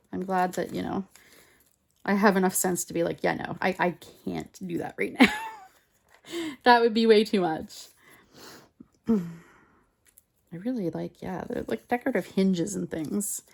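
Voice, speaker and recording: A woman chatting casually while she makes a collage at home, rambling and muttering softly to herself as she works, recorded on a phone on a mount. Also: mid-range voice, normal speed, gravelly, long pauses. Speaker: collage artist. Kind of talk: casual crafting chat. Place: home craft table, indoors.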